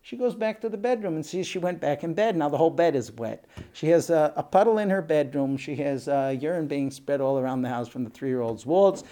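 A man giving a talk and telling a lively story, acting out voices along the way. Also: fairly high pitch, a little fast, hardly any pauses. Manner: animated storyteller, acts out voices. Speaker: speaker.

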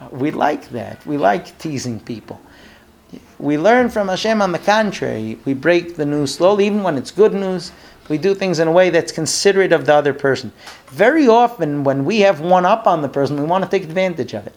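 A man's voice: a little high, animated, a little fast. A man teaching a Bible lesson, telling the story with acted-out dialogue and putting questions to his listeners, sometimes repeating words as he thinks. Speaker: Torah teacher.

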